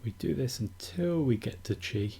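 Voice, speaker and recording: A man calmly teaching acupuncture technique in a steady, methodical instructional demonstration. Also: mid-range voice, moderate pace, vocal fry, husky. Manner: calm, steady, methodical explaining.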